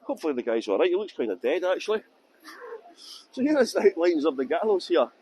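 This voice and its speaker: A man's voice: fairly high pitch, big pitch swings, fast, warm tone, slight background noise, poor audio. A man guiding a live walking tour outdoors through city streets. He chats and jokes with viewers while holding a phone. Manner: chatty, jokey, laughs often, answers viewer comments. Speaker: tour guide. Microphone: handheld phone.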